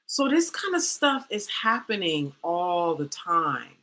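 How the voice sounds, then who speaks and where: Bright-voiced, animated woman coach. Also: lowish voice, slow. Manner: animated and dramatic, slangy, calls the listener girl and baby. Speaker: coach and host. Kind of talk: candid personal storytelling to the camera.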